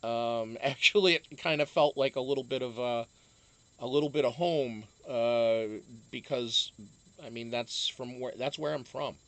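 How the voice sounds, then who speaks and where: A man's voice: medium pitch, unhurried, no room sound. A man from Massachusetts, hosting a casual live stream, rambling with many fillers and restarts.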